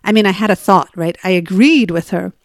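Animated woman storyteller, dry close sound. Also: medium pitch, brisk, dry recording. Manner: animated, acts out dialogue, laughs often. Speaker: coach on getting unstuck. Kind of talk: storytelling monologue with advice.

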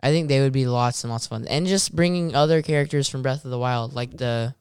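A man with a smooth, resonant voice chatting about games, pausing often as he hunts for the right word. the recording is dry and close, with no room sound around him. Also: mid-range voice, no echo. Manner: hesitant, searching for words. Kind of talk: casual gaming chat.

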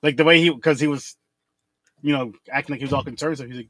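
A man's voice: on the high side, steady tone, quick pace, a bit bright, no echo, poor audio. A man hosting a horror movie review podcast in loose, profane casual chat who laughs easily.

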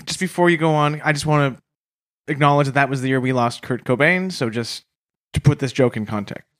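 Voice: mid-range voice, fairly quick. A comedy podcast co-host bantering with dry, mock-solemn asides.

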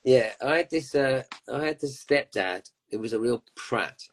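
A man, a musician guest telling anecdotes in a relaxed, chatty way. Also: medium pitch, moderate pace, low-quality recording. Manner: chatty storyteller, laughs often. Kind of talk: casual chat.

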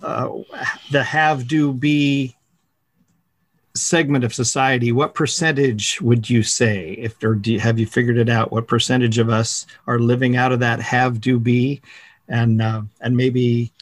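A man hosting an interview, asking curious questions in a halting, stammering way. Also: mid-range voice, flat delivery, dry recording. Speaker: host. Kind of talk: conversational interview.

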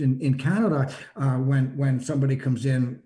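A man with a mellow, warm tone tells a personal story in an easygoing conversational way. He stops and restarts often, repeating words as he gathers his thoughts, and lifts his pitch when he acts out what other people said. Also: steady tone. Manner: halting, full of repeated restarts; acts out quoted lines with shifts in pitch. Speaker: guest recounting personal experience.

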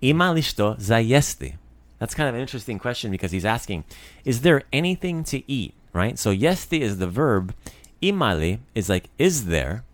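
Male lesson host, lively and chatty, mid pitch, dry recording. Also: a little fast, no echo. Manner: lively, explains words with many fillers. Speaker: language podcast host. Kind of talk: casual language lesson.

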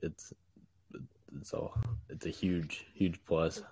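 Deep voiced guy cohosting a podcast, casual and easygoing, dry mic. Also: level tone, slow, darkish tone, husky, no echo. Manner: casual, with fillers and restarts. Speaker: podcast co-host.

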